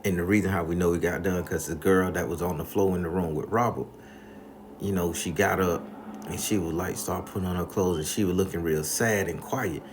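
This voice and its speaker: Crude, animated male storyteller. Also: deep voice, fairly quick, a little hiss or hum. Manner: crude, animated, profane slang. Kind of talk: comedic storytelling.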